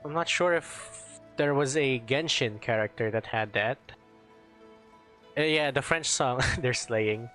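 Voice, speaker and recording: A man's voice: mid-range voice, a bit bright. A man streaming a game, chatting casually and rambling as he searches for words. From Philippines. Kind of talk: casual gameplay chat.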